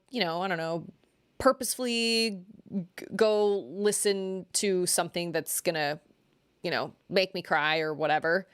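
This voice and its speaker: Chatty streamer woman, lowish voice. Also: fairly bright tone, no room sound. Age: adult parent. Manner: chatty and rambling, reacting to chat. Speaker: livestreamer chatting with viewers. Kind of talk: casual chat.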